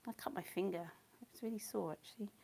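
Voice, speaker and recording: Chatty woman painting, gravelly voice. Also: medium pitch, fairly quick, background noise. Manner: chatty, rambling, often drifting into soft whispers and giggles. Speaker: painting channel host. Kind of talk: casual chat while painting.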